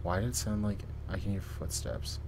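A man giving casual, joking commentary while playing a horror game. He reads on-screen text aloud and swings between quiet muttering and loud yelps. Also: sits low, moderate pace, creaky, noisy background. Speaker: let's play gamer.

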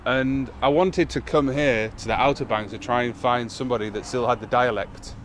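A man's voice: mid-range voice, fairly even intonation, moderate pace. Upbeat young English man, noisy outdoors. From England. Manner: chatty and upbeat. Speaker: travel vlogger. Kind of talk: casual chat. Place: outdoors and in a car. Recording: outdoor noise and traffic.

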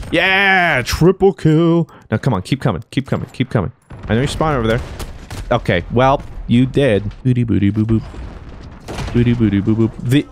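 A man giving jokey, excitable commentary while playing a shooter game, dropping to low mutters and then breaking into shouted cheers. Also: slight background noise. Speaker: gaming YouTuber. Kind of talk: live gameplay commentary. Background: faint gunfire from the game.

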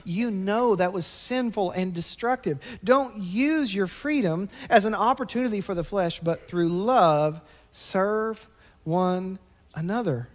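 A man with a drawl preaching from the pulpit, his voice pitched high for a man. He moves between easy, conversational explanation and fervent, emphatic bursts, and his words ring out through a church sanctuary with a long, echoing reverb. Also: slow. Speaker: pastor. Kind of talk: sermon.

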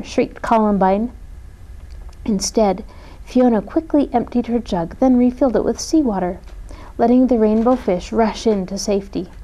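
Gentle woman reading a storybook aloud. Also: mid-range voice, poor audio.

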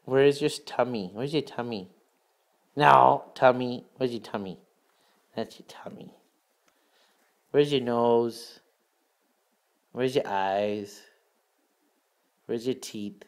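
A young father at home, patiently quizzing his toddler with simple questions and giving warm praise. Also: medium pitch. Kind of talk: home video, casual parent talk.

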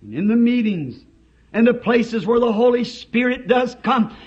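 Impassioned high-voiced revival preacher, lo-fi tape. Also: male voice, expressive, moderate pace. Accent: Southern United States. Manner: impassioned, swings from shouting to hushed. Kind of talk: old-time revival sermon. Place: church service. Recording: dull lo-fi sermon tape.

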